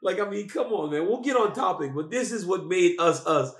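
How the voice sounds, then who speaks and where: A high-pitched man talks fairly fast with lively intonation, co-hosting a fight talk show by video call from a hotel. He teases and jokes loosely, repeating himself and laughing a lot. The room sounds echoey.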